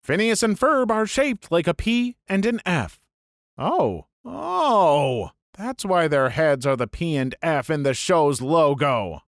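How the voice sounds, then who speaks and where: Male narrator for internet story reads, fairly high voice, animated delivery, dry close sound. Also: measured pace, hardly any pauses, no room sound. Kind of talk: scripted narration of internet stories.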